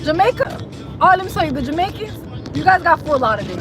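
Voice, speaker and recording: A woman's voice: high voice, sing-song, quick pace, over music. A woman chatting casually on a live stream, teasing her viewers and switching between English and Spanish. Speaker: livestreamer. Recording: noisy street sound behind. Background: traffic and city noise.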